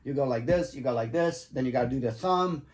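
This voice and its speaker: A man's voice: mid-range voice, quick pace. A man casually telling a funny story, swearing freely, acting out what people said and breaking into laughter. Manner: animated, swears freely, acts out quotes with laughs.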